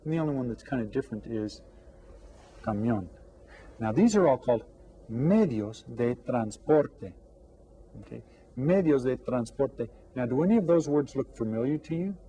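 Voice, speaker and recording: A man teaching an elementary language lesson, drawing out each new word slowly and coaxing the class with friendly questions. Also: mid-range voice, animated, warm tone, a little hiss or hum. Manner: slow, drawn-out repetition of vocabulary for students. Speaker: Spanish teacher.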